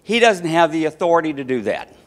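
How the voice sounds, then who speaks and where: A man's voice: a little high, sing-song, brisk. A man putting on an indignant sister-in-law. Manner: indignant, accusing. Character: indignant middle-aged sister-in-law questioning authority.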